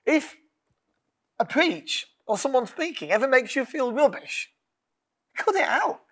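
A man preaching a sermon as pastor, earnest, leading call-and-response lines and dropping to a hush. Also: very high-pitched, sing-song, unhurried.

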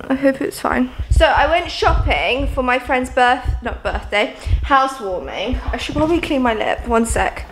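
A woman's voice: high voice, expressive, normal speed, hardly any pauses, slight background noise. A young woman from Jersey, chatting casually to camera in a home vlog, full of "like" and "um" fillers. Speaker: vlogger. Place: at home indoors. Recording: roomy echo.

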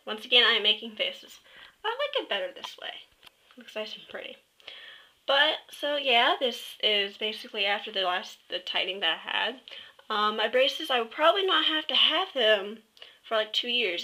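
Rambling casual woman vlogger, slightly high, bright tone, close camera mic. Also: moderate pace, rough recording. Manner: chatty and rambling, many fillers and self-corrections. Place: at home, indoors. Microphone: built-in camera mic, close to face.

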